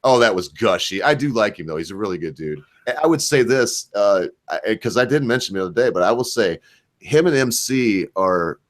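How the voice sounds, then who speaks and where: A man's voice: fairly low pitch, lively intonation, fairly quick. A man hosting a casual voice-call chat from home, rambling and swearing freely in laid-back banter. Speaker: host.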